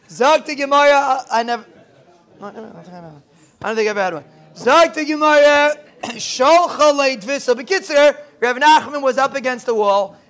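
A man teaching a daily Talmud class in a quick, conversational way, with joking asides, who blends Hebrew and Yiddish terms into his English. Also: very high voice, fairly bright tone.

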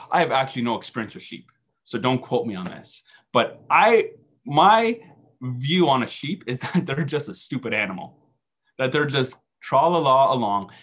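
A man speaks at a faith meeting in a relaxed, conversational way. His voice is husky and sits at a middle pitch. He tells self-deprecating stories and keeps asking his listeners rhetorical questions. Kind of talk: conversational sermon talk.

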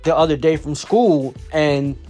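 A man's voice: on the high side, measured pace, warm tone, soft background music. A father casually telling a story about his daughter, rambling with many fillers and restarts.

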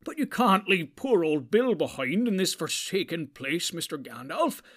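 A man's voice: sing-song, measured pace, full character voice. A man doing an upset young hobbit servant. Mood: distressed. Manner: pleading, high and loud. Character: young male hobbit servant, stubborn and loyal. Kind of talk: audiobook character voice.

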